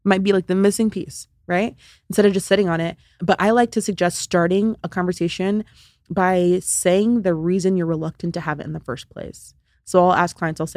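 A woman talking as a podcast guest and friendship coach, lively, acting out the lines she quotes. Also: on the low side, brisk, no room sound, studio quality. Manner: animated, acts out quoted lines. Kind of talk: conversational interview.

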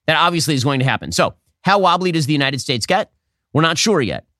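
A man hosting a political commentary show, arguing fast with a sarcastic, combative edge. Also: on the high side, lively intonation, pushed and bright, no room sound, studio quality. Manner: rapid, sarcastic, argumentative. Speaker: podcast host.

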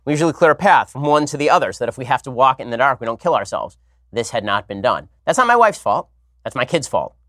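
Guy host ranting and storytelling, sarcastic, dry close sound, middle pitch. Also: fast, no room sound. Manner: animated storytelling, sarcastic asides. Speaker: commentary show host. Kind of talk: casual comedic monologue.

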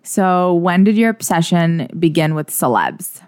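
A woman's voice: fairly low pitch, expressive, measured pace, darkish tone, smooth, dry recording, clean studio sound. A woman co-hosting a podcast, chatting casually about celebrities with many "like"s. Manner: chatty, filler-heavy, upbeat. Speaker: podcast co-host. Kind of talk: casual celebrity gossip chat.

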